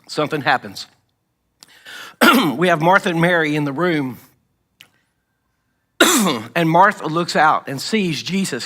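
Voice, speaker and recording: Bright-voiced, high-pitched male preacher. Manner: storytelling, acts out quoted lines, frequent throat clearing. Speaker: pastor. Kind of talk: sermon. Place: church.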